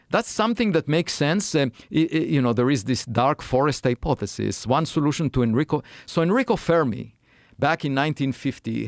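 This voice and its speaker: A man's voice: mid-range voice, no room sound. Interview guest, male, reflective and hesitant, dry recording. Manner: thoughtful, many fillers and restarts. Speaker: guest scientist. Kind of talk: conversational interview.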